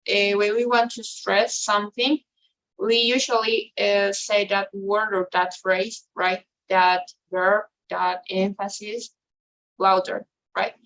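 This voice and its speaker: A woman's voice: medium pitch, level tone, slow pace, a bit bright, rough recording. A woman teaching an English class over a video call, explaining step by step with many fillers and tag questions. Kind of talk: online class instruction.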